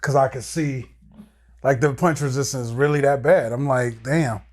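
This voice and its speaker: A man co-hosting a podcast in casual chat, reacting in an animated, excitable way. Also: mid-range voice, moderate pace. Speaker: podcast co-host.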